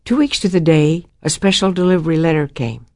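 A woman's voice: low voice, a little fast, a little mellow, dry recording, clean studio sound. An older woman giving a Christian testimony about her life, telling it dramatically and acting out the voices of the people in her story.

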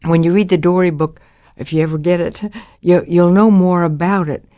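A woman's voice: lowish voice, fairly even intonation, moderate pace, mellow, no room sound, clean studio sound. An older woman giving a Christian testimony about her life, telling it dramatically and acting out the voices of the people in her story.

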